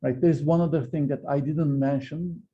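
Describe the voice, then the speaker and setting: Guy teaching a physics class, kinda gravelly, lots of uh and restarts, slightly muffled recording. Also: a little high, fairly even intonation, normal speed. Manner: hesitant, many fillers and restarts while explaining. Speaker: physics lecturer. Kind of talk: university lecture. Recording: slightly dull lo-fi lecture recording.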